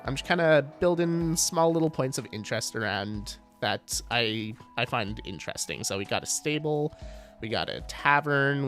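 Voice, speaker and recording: A man's voice: medium pitch, a bit bright. A man streaming a game live, chatting casually and greeting viewers, with many fillers. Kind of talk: casual livestream chat.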